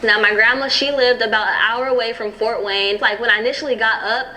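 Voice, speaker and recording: Young woman, bright tone, slightly high voice, documentary storytelling. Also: fairly even intonation, a little fast, a little hiss or hum, rough recording. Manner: recounting events, filler "you know what I'm saying". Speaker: documentary interviewee. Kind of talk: personal storytelling interview.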